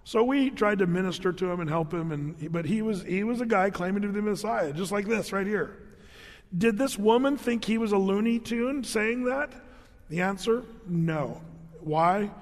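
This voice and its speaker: A male pastor preaching a sermon. He tells the story with animation, acts out voices, laughs often and restarts his sentences. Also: high voice. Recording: long hall reverb.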